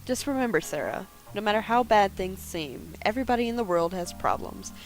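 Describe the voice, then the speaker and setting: A woman's voice: medium pitch, lively intonation, brisk, soft background music, lightly acted. A woman reading as a breezy, chatty thirties friend.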